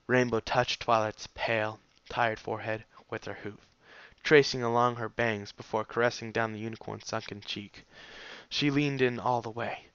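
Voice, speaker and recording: Bright-voiced male fan fiction narrator. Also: medium pitch, steady tone, moderate pace, clear, resonant tone, no room sound, lo-fi sound. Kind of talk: audiobook reading of fan fiction.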